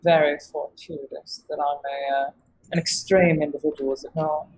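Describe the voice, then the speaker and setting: A woman's voice: sits low, little pitch movement, normal speed, darkish tone, breathy edge, rough recording. A woman playing a tabletop game in a put-on British accent that slips toward Australian, chatty and theatrical. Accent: put-on British accent, slipping toward Australian. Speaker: player.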